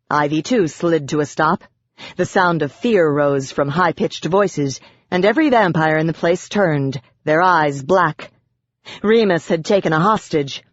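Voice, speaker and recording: A narrator telling a dark fantasy story in the first person, measured and dramatic. The voice sits at a middle pitch, and the recording is dull with no room echo. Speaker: audiobook narrator. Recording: dull, dry lo-fi audio.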